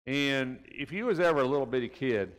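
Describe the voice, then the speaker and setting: A man's voice: medium pitch, lively intonation, brisk. A man teaching a conversational Bible class in church, in a folksy way, often tagging his points with questions like "right?" and "didn't he?". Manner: folksy, keeps asking rhetorical tag questions. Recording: reverberant church room.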